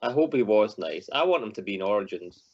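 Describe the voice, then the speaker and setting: A man's voice: lowish voice, quick pace, breathy edge. A man from Scotland co-hosting a livestream with a mid-range voice that swoops widely as he talks. He tells stories with lots of giggles. The audio is slightly dull and lo-fi. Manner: giggly storyteller, animated. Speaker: co-host. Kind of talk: casual livestream chat.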